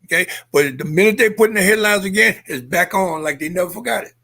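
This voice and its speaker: A man's voice: sits high, quick pace, vocal fry, pushed and bright. An older man, a former Olympian and activist, telling stories with emphatic force and checking in with his listeners. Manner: emphatic, checks in with 'Okay?' and 'Understand?'. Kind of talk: impassioned storytelling.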